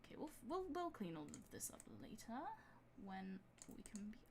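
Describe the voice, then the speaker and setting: A woman's voice: medium pitch, very animated, moderate pace, gravelly, a little hiss or hum. A woman streaming her music production live, chatting casually and thinking aloud with a self-deprecating manner. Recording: music playing loudly behind. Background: electronic beat and synths.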